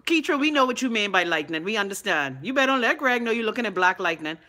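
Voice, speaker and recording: A woman's voice: mid-range voice, lively intonation, quick pace, pushed and bright. A middle-aged Bahamian woman co-hosting a show, chatting casually with a sassy, bossy teasing manner. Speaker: radio co-host. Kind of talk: casual chat.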